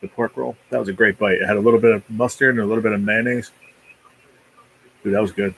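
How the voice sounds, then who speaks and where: A man's voice: on the low side, fairly even intonation, quick pace, gravelly, a bit bright, slight background noise, low-quality recording. A man hosting a casual live stream, rambling easily and chatting while he eats. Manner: rambling, easygoing, talks while eating. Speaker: livestream host.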